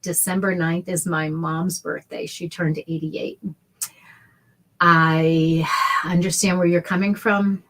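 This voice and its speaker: A middle-aged woman hosting a casual sewing livestream, chatty and heartfelt, greeting viewers by name. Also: on the low side. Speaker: sewing show host. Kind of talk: casual livestream tutorial chat.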